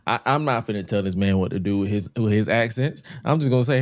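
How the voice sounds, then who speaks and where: A man hosting a casual wrestling podcast, animated and slangy, often repeating words. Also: on the low side, fast, dry recording, studio quality. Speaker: podcast host.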